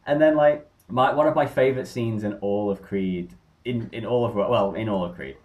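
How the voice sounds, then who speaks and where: A man in casual conversation, telling stories with enthusiasm and animated energy. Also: fairly low pitch, normal speed, highs cut off. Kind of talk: casual film chat.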